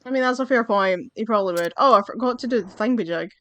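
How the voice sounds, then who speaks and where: A woman's voice: fairly high pitch, fast, a bit bright, no room sound. A woman giving casual let's-play commentary, chatty and wry, musing aloud as she plays. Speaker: gamer playing through a game.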